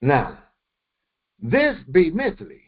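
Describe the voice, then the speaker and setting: A man teaching a verse-by-verse Quran commentary lesson, explaining slowly with repetitions and quoted Arabic terms. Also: a little high, huge pitch swings, husky. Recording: dull lo-fi recording.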